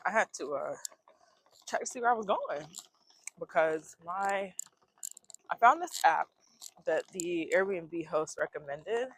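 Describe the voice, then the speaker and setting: A woman's voice: fairly low pitch, animated, slow pace, long pauses, husky, low-quality recording. A woman walks city streets outdoors on a cold morning and chats to her viewers through a handheld phone. She sniffles now and then and talks in a loose, joking way, calling her audience y'all. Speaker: travel vlogger. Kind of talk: casual vlog chat. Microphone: phone camera held while walking.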